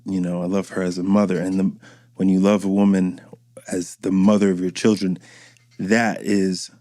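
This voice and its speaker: A man's voice: low voice, flat delivery, moderate pace, warm tone, no echo, studio quality. A man in his thirties, a podcast host, chatting in a casual, rambling and profane way and acting out voices he quotes. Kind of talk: casual chat.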